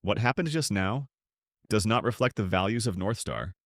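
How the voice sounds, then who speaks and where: Brief: steady, earnest male airline captain read by a male narrator, lively low delivery. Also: normal speed, no room sound, clean studio sound.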